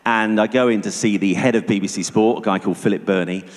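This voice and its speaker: A man giving a personal testimony to an audience as a guest speaker, telling it vividly and going hushed at tense moments. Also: on the low side, fairly even intonation, fast. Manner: vivid storytelling, dropping to hushed tones for tension. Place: church hall. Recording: long reverb of a church hall.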